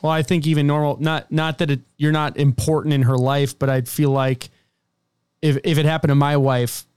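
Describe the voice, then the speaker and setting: A man's voice: on the high side, level tone, moderate pace, a little mellow, clean tone, no echo, clean studio sound. A man co-hosting an interview, asking probing follow-up questions. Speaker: podcast co-host. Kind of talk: casual interview.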